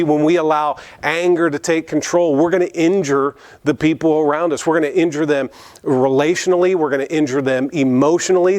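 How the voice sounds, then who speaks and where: A man's voice: fairly high pitch, darkish tone. Man, pastor, earnest sermon, church, frequent restarts. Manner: earnest preaching with repetitions and restarts.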